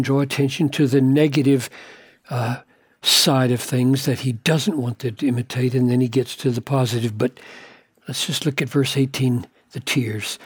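An older man teaching on a Bible passage, earnest and deliberate, leaning hard on key words. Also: mid-range voice, slightly rough, no echo. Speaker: pastor.

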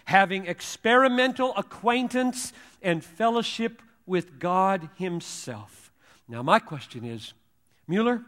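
Guy preaching a sermon, high voice, slow and emphatic, big hall echo. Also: a bit bright. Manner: emphatic, deliberate, rhetorical questions.

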